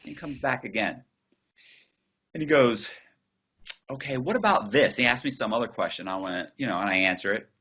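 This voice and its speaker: Husky-voiced man telling a story. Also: medium pitch, expressive, normal speed, pauses often, sharp tone, dull audio. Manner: acts out dialogue from his story; blunt, swears freely. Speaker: interview guest telling a story. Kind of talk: casual storytelling.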